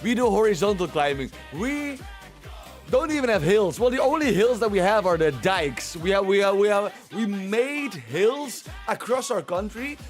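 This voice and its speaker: A man streaming from home chats casually with his viewers, rambling and often repeating himself. His voice sits high and is expressive at a normal pace, with soft music playing behind him.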